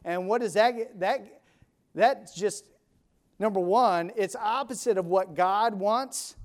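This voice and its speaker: Male preacher, high-pitched, unhurried delivery, emphatic rhetorical questions. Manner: emphatic, asks and answers his own questions; counts beats and sings snatches of songs. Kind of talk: sermon.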